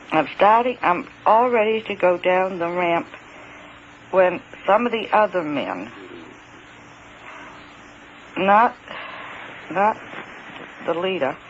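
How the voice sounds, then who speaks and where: A man with a high voice recounts an encounter in the first person, stumbling and repeating himself before pressing his points hard. The recording is dull and lo-fi, with a faint hiss underneath. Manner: hesitant, halting, repeats words, grows emphatic.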